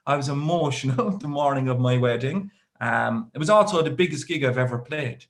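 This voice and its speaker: A man's voice: mid-range voice, fairly quick. An Irish man in his thirties doing a stand-up comedy set, rambling through stories with dry asides.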